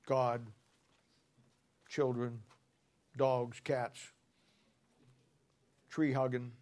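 A man preaching a sermon in a folksy, colloquial storytelling way, with emphatic points. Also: medium pitch. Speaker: pastor.

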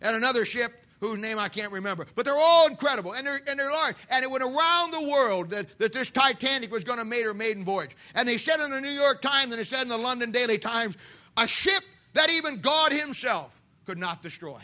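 A preacher man delivering a fiery sermon, swinging between loud shouts and hushed asides. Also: very high voice, quick pace, hardly any pauses.

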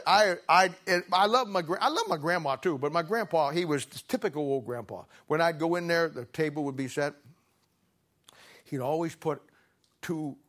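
A man's voice: fairly high pitch, a bit bright. A middle-aged man preaching a sermon, telling a homespun story with humor before turning to scripture. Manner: folksy, humorous storyteller who laughs through his anecdotes.

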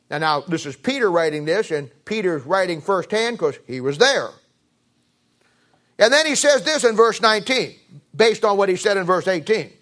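Speaking at normal speed, this high-pitched preacher keeps a steady sermon rhythm. He restarts and repeats phrases to drive his points in, rising to loud emphasis before sinking low again.

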